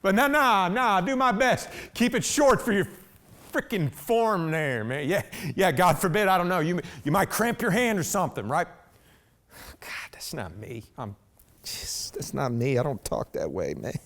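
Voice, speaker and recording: Gravelly and mid-range, this man's voice has lively intonation and a measured pace. In a theatrical one-man monologue he plays a rambling blue-collar husband who talks to a police officer, saying "man" all the time and restarting his sentences.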